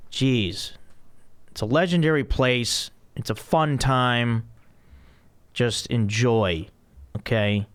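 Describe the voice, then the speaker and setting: Smooth-voiced man hosting a chat podcast. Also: medium pitch, extremely slow, pauses often. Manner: rambling storyteller with many restarts and laughs. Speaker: podcast host.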